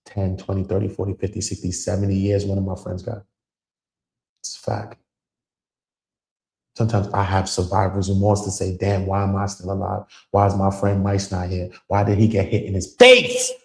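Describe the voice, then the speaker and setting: Gravelly deep-voiced man preaching to his chat. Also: monotone, normal speed, mellow. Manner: preachy, emphatic, addresses viewers as bro and man. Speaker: channel host. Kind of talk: casual livestream talk.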